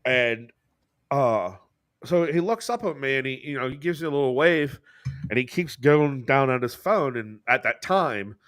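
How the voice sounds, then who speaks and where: An American man co-hosting a podcast, telling a story in casual chat with swearing and quick jumps in pitch when he quotes people. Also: animated, fairly bright tone. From United States. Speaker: podcast co-host.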